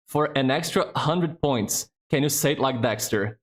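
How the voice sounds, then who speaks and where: Male host, casual stream chat, swears easily, average pitch. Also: moderate pace, few pauses, over music. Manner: chatty, swears freely, thinks aloud. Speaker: streamer hosting a trivia game.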